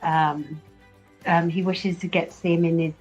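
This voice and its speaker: Hesitant low-voiced woman player. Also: level tone, normal speed, darkish tone, husky, lo-fi sound, soft background music. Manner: hesitant, searching for words. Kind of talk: describing her character in a tabletop game.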